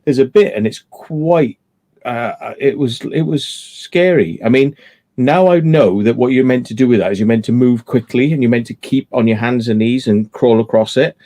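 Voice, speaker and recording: A man's voice: medium pitch, moderate pace, mellow. A man hosting a casual live-stream chat, laid-back and rambling, swearing freely as he tells stories. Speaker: livestream host.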